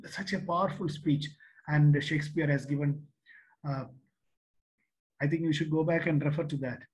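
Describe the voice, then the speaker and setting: A man's voice: on the high side, fairly even intonation, moderate pace, darkish tone, rough recording. A man in his sixties from Kerala with an Indian English accent, telling personal stories as a speaker at a youth leadership seminar. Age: 60s. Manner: storytelling, reflective, with frequent restarts and quotes. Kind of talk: motivational talk to youth.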